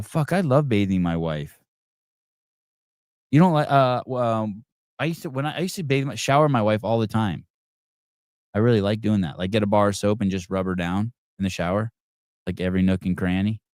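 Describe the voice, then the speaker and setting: A man's voice: lowish voice, a little mellow, dry recording, clean studio sound. A middle-aged man hosting a live call-in podcast, ranting bluntly and profanely with rambling restarts. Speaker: podcast host. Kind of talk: live call-in show commentary.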